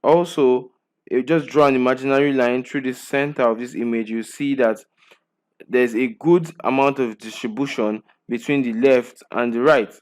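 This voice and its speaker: A man's voice: medium pitch, steady tone, normal speed. A man teaching a design lesson, walking through example designs point by point and checking in with "okay" and "right" after each point. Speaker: design instructor. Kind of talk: screen-share design lesson.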